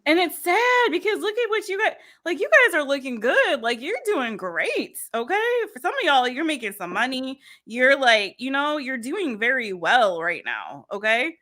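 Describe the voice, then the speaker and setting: A woman with a bright, ringing, fairly high voice gives a casual tarot reading. She talks loosely and playfully, full of slang and "like". Her delivery is teasing and chatty. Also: sing-song, normal speed, few pauses. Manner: giggly, slangy and playful, lots of "like". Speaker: tarot reader.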